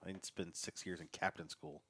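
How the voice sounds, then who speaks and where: Deep-voiced male tabletop player. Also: flat delivery, brisk, pushed and bright. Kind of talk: describing his character in a tabletop game.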